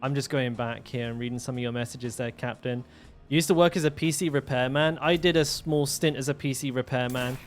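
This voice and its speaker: A man's voice: mid-range voice, brisk, faint music behind. A young man streaming a game, telling stories in a rambling way, swearing freely with lots of fillers and restarts. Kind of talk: casual storytelling while gaming.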